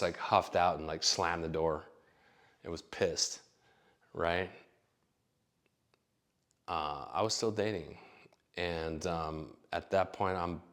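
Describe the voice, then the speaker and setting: A man telling candid stories about his own dating life, blunt and profane, rambling with many restarts. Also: deep voice. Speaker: vlogger. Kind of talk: candid personal storytelling.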